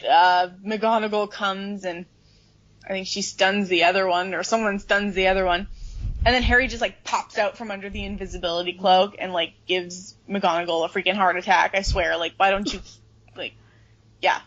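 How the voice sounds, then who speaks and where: A woman's voice: mid-range voice, steady tone, moderate pace, a bit bright, lo-fi sound. A woman co-hosting a podcast, chatting casually and animatedly about a book, swearing freely and acting out the characters. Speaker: podcast co-host.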